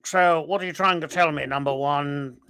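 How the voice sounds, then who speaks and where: A man's voice: on the high side, moderate pace, bright, forceful tone, smooth, pitched below the performer's own voice. Man playing a bored starship captain. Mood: bored, dismissive.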